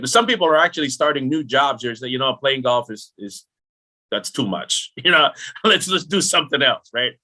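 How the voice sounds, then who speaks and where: A middle-aged man explaining retirement planning as a podcast guest, lively and full of rhetorical questions aimed at the listener. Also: mid-range voice, normal speed. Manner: animated, rhetorical questions, talks directly to the listener.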